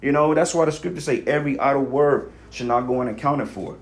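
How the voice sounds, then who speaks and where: A man's voice: medium pitch, a little fast. A man ranting casually about religion and society in a blunt, profane, rambling way, full of street slang. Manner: street slang, frequent "you know what I'm saying". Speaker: religious vlogger.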